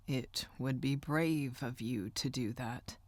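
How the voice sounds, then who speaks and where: A woman narrator voicing a gentle older uncle in an audiobook, speaking in a low, hushed, comforting way. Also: takes it slowly, no room sound, heavily acted. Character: gruff gentle uncle, older man, soft-spoken. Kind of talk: audiobook character voice.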